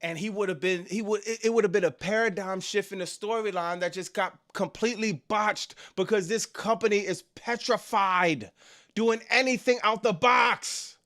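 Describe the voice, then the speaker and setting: A man hosts a live wrestling reaction stream at a normal speed, reading chat aloud. He swings between loud, excited outbursts and low, frustrated mutters, using casual slang and often ending lines with "dog" or "bro".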